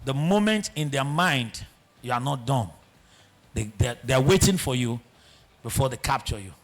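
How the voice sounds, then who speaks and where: Animated Nigerian man telling a story. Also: mid-range voice, moderate pace. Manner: storytelling, animated, swings between loud and hushed. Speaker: guest speaker. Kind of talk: motivational talk. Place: large auditorium.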